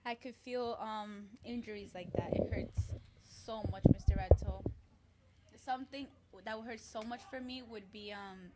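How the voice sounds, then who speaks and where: A woman's voice: mid-range voice, unhurried, noisy background. A young woman co-commentating a school soccer game, giggly and a bit hesitant. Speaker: student co-commentator. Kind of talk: casual play-by-play chat.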